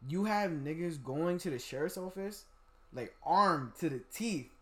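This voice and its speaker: A man's voice: on the high side, expressive, unhurried, over a noisy crowd. A man co-hosting a casual group chat podcast, rambling and slangy with repeated phrases. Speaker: podcast co-host.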